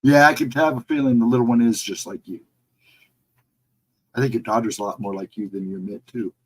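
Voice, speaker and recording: A middle-aged livestream host relaxedly reads the scrolling chat and answers each message in a reassuring tone. His ordinary-pitched voice has a husky edge and runs a little fast, on a rough recording.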